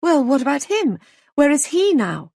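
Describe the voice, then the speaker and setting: A woman's voice: high-pitched, very animated, moderate pace, gravelly, a little mellow, no echo, voice pushed up, exaggerated voice. Woman as an urgent, pleading young wife. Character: anxious young woman, guesthouse owner.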